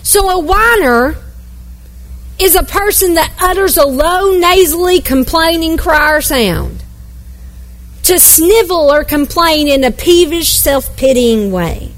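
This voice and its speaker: High-voiced woman pastor preaching. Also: lively intonation, slow, rough recording. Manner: emphatic preaching with playful asides and acted-out grumbling voices. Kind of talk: sermon. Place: church worship service.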